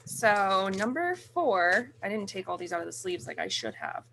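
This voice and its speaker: A woman's voice: medium pitch, big pitch swings, normal speed, gravelly, fairly bright tone, slight background noise. A young adult woman co-hosting a podcast, chatting casually and gushingly about horror movies with many fillers. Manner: gushing, rambling, lots of fillers and swearing. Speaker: podcast co-host.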